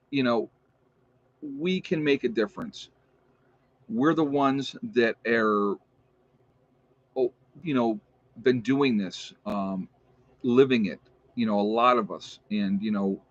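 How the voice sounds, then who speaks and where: A man hosting a casual livestream, chatting and reading out viewer shout-outs with opinionated asides. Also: medium pitch, dry recording. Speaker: livestream host. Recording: dull lo-fi stream audio.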